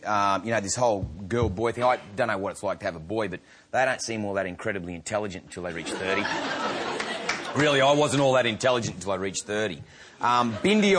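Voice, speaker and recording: A man in his thirties with an Australian accent, a guest telling stories in an animated, laughing, slang-filled way. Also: lowish voice, a little hiss or hum. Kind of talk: casual interview chat.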